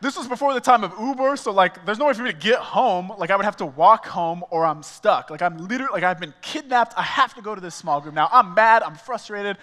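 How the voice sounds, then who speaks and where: A male small groups pastor telling a personal story in a sermon, animated and casual, acting out the dialogue. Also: sits high, brisk, hardly any pauses, big-room sound. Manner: animated, acts out quoted dialogue, frequent "like" fillers. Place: church auditorium.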